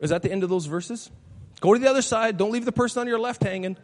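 A man's voice: high-pitched, fast talker, a little mellow, big-room sound. A male pastor preaching a sermon to his church, emphatic and declarative, pressing his points home. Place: church sanctuary.

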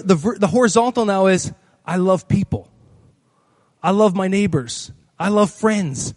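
A pastor preaching a sermon to a congregation, emphatic, repeating phrases and asking the crowd questions. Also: male voice, high-pitched, a little mellow. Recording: long hall reverb.

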